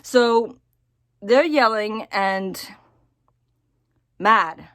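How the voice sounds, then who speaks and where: A woman talking casually to camera in a personal vlog, halting and repeating her words as she thinks aloud. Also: medium pitch, fairly bright tone, no echo. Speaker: vlogger.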